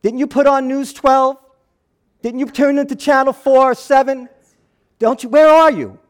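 A man's voice: extremely high pitch, flat delivery, clean tone, pitched above the performer's own voice. A man preaching, voicing an ancient male disciple who fires off disbelieving questions in exasperation. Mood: incredulous. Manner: rapid-fire disbelieving questions.

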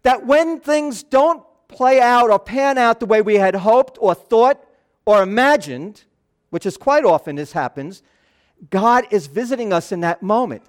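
Pastor, man, higher-pitched nasal voice, earnest chatty sermon delivery. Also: expressive, unhurried. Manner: earnest, loose asides and restarts. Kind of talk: conversational sermon.

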